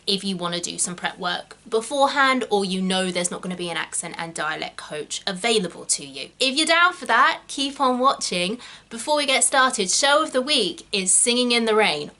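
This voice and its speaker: Chatty bright woman, Southern English accent. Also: mid-range voice. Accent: Southern English (Kent, Estuary). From England. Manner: chatty, quick asides and emphatic stress. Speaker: actor and channel host. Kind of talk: casual video lesson.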